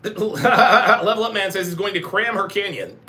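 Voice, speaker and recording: A man's voice: sits high, bright, forceful tone. A man hosting a live reaction stream, joking crudely, laughing often and reading chat aloud. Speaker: host of a dating-show reaction stream.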